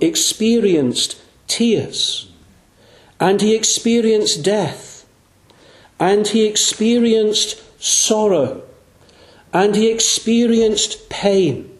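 Earnest high-voiced preacher in an echoey church. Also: male voice. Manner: earnest, slows and drops low on key phrases. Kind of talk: evangelistic sermon. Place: church room. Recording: echoey room.

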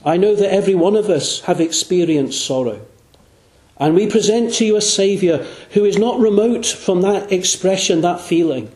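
Earnest high-voiced preacher in an echoey church. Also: male voice, a little mellow. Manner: earnest, slows and drops low on key phrases. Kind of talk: evangelistic sermon. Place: church room. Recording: echoey room.

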